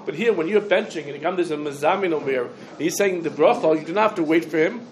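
High-voiced man giving a quick Talmud lesson. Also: slight background noise, poor audio. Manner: rapid, loose Hebrew-English lecture speech with restarts. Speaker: rabbi teaching a Talmud class. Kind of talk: halachic lecture to a class.

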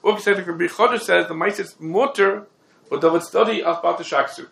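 A man delivers a Talmudic lecture, firing questions and answering them himself. His voice sits a little high. The room around him is echoey. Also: creaky, fairly bright tone. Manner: rapid, question-and-answer reasoning. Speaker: Torah teacher.

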